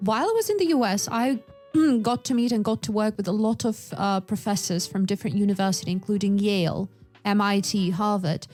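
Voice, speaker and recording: A woman whose native language is Russian, an English teacher chatting lively and emphatically on a podcast. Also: mid-range voice, faint music behind. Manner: lively, emphatic, quick storytelling. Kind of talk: casual podcast chat.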